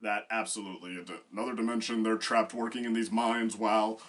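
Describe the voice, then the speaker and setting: A man's voice: on the low side, level tone, fast. A man co-hosting a casual discussion, rambling with many fillers and restarts. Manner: bursts into loud acted quotes. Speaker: co-host.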